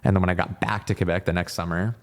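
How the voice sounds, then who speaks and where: A man's voice: low-pitched, fast talker. A man in his thirties from Virginia, a former hockey coach, telling stories as a podcast guest and acting out the people he quotes. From Virginia, United States. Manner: lively storyteller who acts out quoted people. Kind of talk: casual interview storytelling.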